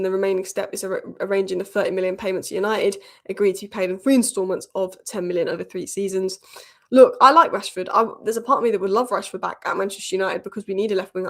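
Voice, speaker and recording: Woman, football channel host, rapid casual delivery, strong opinions, mid-range voice. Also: medium pitch, steady tone. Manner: opinionated, chatty, quick asides. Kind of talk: casual football news commentary.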